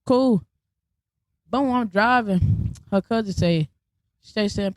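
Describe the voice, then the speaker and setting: A young woman hosting a podcast speaks slowly in a medium-pitched voice, recorded without any room sound. She tells her story bluntly and casually with lots of slang, acting out each person by quoting them in character.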